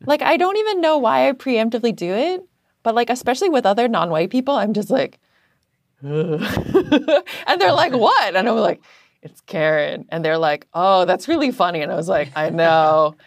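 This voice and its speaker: A woman from Canada, a journalist, telling stories in a chatty, animated way with lots of fillers. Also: mid-range voice, a little fast, no room sound, studio quality. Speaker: guest, journalist. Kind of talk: casual interview chat.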